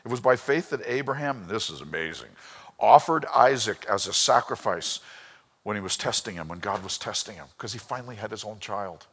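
A man preaching a sermon, telling a personal story with emotion and swinging between loud bursts and hushed lines. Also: on the low side, animated, brisk, breathy edge, long reverb tail. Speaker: pastor.

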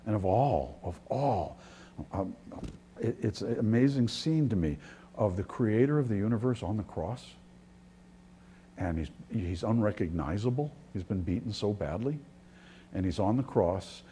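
A man's voice: fairly low pitch, lively intonation, normal speed, dark tone, slight background noise. A man preaching a sermon as a pastor, earnest and full of restarts, sometimes dropping to near-whispers.

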